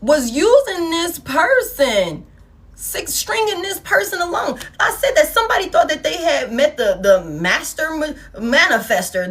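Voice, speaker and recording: Profane, animated woman doing a tarot reading. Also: sits high. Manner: talks straight to viewers. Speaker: tarot reader. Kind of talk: collective tarot reading monologue.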